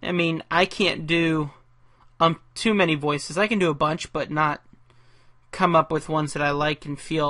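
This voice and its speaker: A man's voice: fairly high pitch, fairly even intonation, moderate pace, pushed and bright. A man who is a caricature artist, giving casual drawing commentary in a rambling, self-deprecating way, thinking aloud as he works.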